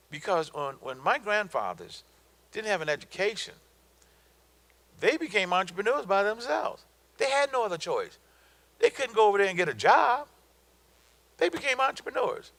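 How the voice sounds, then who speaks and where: A man's voice: high-pitched, vocal fry, fairly bright tone, rough recording. A middle-aged man giving a motivational talk on business to an audience, emphatic and colloquial, telling stories and hammering home his points. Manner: emphatic, colloquial, storytelling with repeated punchlines. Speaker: guest speaker on business.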